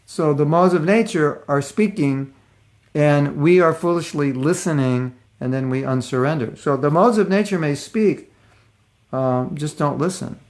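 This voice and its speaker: An older man teaching a relaxed spiritual class, telling stories and acting out the voices of people in them. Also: on the high side, a little slow. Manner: conversational storytelling, acts out voices of people in his stories. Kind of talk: casual devotional lecture.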